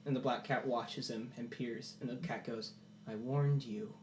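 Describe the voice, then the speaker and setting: A man narrating a tabletop game as game master, in animated storytelling. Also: mid-range voice, normal speed, echoey room, heavy background noise. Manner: animated storytelling, many "like" fillers.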